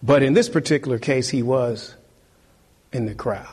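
A man's voice: mid-range voice, normal speed, darkish tone, breathy edge. A man preaching a sermon, exhorting his listeners and hammering home key phrases through repetition.

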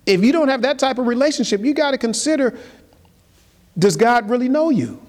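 A man preaching a sermon, firing rhetorical questions at the congregation and swinging between loud high emphasis and low quiet asides. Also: expressive, a little fast. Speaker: pastor. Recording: long reverb of a large hall.

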